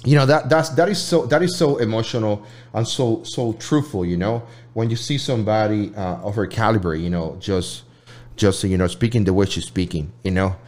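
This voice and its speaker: A man hosting a casual talk show, rambling and halting with many fillers. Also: fairly low pitch, darkish tone, a faint crowd. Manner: rambling, halting, lots of "you know". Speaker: host.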